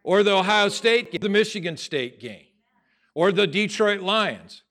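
Emphatic pastor preaching. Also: male voice, high voice, lively intonation, measured pace. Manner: conversational preaching, building to loud emphatic passages. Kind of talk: sermon.

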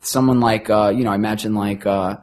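A New York man in his fifties, a touring musician appearing as a guest, chats casually in a fairly low, steady, slightly mellow voice at a brisk pace. He rambles and often restarts while searching for words.

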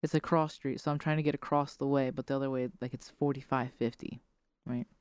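A woman podcast host telling a casual story with animated quoted voices and frequent laughs. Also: very deep voice, fairly quick, smooth, dry recording, clean studio sound.

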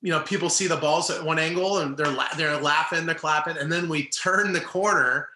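A man's voice: a little high, fairly quick, roomy sound, a little hiss or hum. A middle-aged man, a former ballplayer, telling a story in casual chat and acting out the people in it. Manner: animated, acts out quoted people. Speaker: former baseball player, guest.

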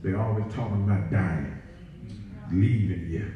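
A man's voice: medium pitch, animated, unhurried, pauses often. A man preaching a sermon as pastor, joking with the congregation and calling out to them. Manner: playful, joking asides, call-and-response with congregation. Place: large church sanctuary. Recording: very echoey hall, dull sound, from far off.

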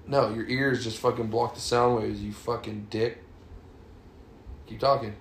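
A man's voice: mid-range voice, steady tone, unhurried, slight background noise. A young man from the United States hosting a casual podcast chat with friends, crude and teasing, swearing freely in banter. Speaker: podcast host. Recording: echoey room.

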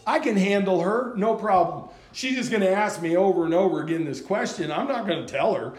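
A man's voice: high voice, expressive, brisk, a little mellow. Samson, a man voicing a cocky strongman. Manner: cocky, offhand. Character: boastful, overconfident strongman, young man. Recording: echoey room.

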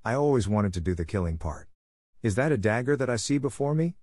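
A man voicing a spirited, theatrical teenage girl in a dramatic, lively way. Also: medium pitch, fairly quick, dry recording, clean studio sound, close to an everyday voice. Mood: eager. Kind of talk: audiobook character voice.

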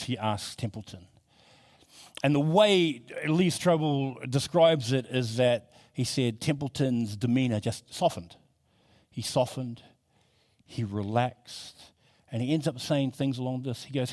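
A man's voice: medium pitch, expressive, a little slow, darkish tone. A man preaching a sermon in a conversational way, building to emphatic repetition.

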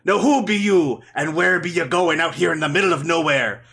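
A man putting on a gruff pirate sea captain. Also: on the high side, a little fast, pushed and bright. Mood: questioning. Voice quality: rough, clipped pirate dialect.

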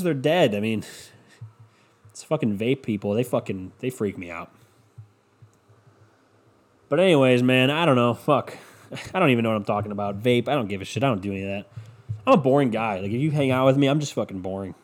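A man's voice: mid-range voice, animated, fairly quick, long pauses. Rambling, profane young man podcasting. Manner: rambling, profane, self-deprecating. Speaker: podcast host. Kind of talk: casual solo podcast monologue.

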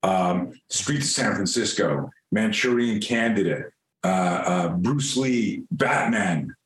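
Older male guest, lively self-mocking storyteller, salty language, room echo. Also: on the low side, takes it slowly, slight background noise. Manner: animated, self-mocking, swears freely. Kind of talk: casual storytelling. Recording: roomy echo.

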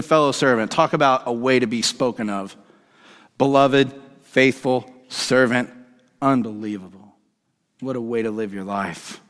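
A male pastor preaching a sermon and telling a story, animated and excitable, acting out the dialogue as he goes. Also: mid-range voice. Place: church sanctuary. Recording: long hall reverb from the church.

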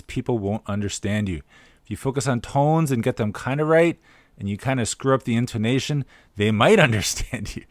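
A man co-hosting a podcast, explaining things clearly with a dry sense of humor. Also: medium pitch, no echo. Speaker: podcast co-host. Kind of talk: casual podcast chat.

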